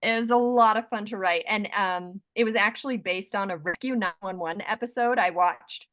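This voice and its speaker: A woman's voice: medium pitch, normal speed, fairly bright tone, no echo. A woman author appearing as a guest, talking in an easygoing, chatty way. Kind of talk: casual chat.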